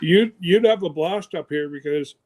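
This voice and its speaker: A man's voice: a little high, a little mellow. A man from Canada, hosting a casual livestream chat in a chatty, teasing way. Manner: chatty, teasing, quick bursts. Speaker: host.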